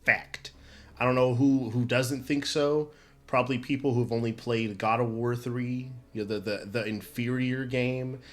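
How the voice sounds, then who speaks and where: A man's voice: medium pitch, steady tone, measured pace. Man, comedic game ranter; profane, rambling, mock-indignant, exaggerated. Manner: stammering restarts, goofy exaggeration. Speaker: channel host. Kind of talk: comedic video game rant.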